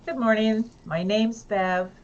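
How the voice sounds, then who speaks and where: A woman co-hosting a casual talk show, earnest and reflective, unhurried. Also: medium pitch, fairly even intonation, dull audio. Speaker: co-host. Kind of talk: casual chat.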